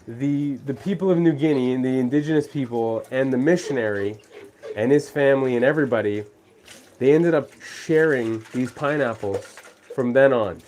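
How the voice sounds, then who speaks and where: A man's voice: medium pitch, moderate pace, darkish tone, slight background noise. Man telling a story over running water. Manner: rambling storyteller who acts out the people he quotes. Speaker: vlog host. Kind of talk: casual faith talk while doing dishes. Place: home kitchen at the sink.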